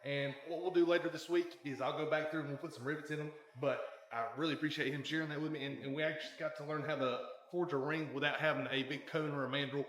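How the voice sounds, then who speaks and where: A man's voice: a little high, fairly even intonation, fast talker, hardly any pauses, fairly bright tone. A man hosting a blacksmithing vlog, talking casually and earnestly, reflective and encouraging. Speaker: blacksmith and channel host.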